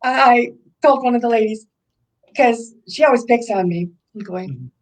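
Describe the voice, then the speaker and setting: A woman's voice: a little high, a little slow, poor audio. A woman guest on a radio talk show, talking casually and laughing often as she tells teasing stories. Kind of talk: casual conversation.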